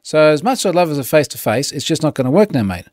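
A man's voice: on the high side, sing-song, very fast, a little mellow, dry recording, studio quality. A man reading out a chatbot reply as a boisterous outback Australian bloke, in a broad Australian accent full of hammy slang. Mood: jovial.

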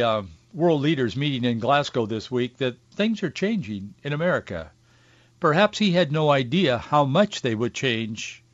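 A man's voice: mid-range voice, no room sound. Guy hosting a talk show, opinionated monologue, dry dull sound. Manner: opinionated, with wry asides and restarts. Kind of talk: political commentary monologue.

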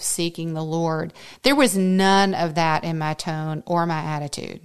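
This fiftysomething podcast host has a lowish, clear voice with a resonant tone. Sharing a personal story earnestly and with a focus on faith, she brings it to life by performing other people's quoted words.

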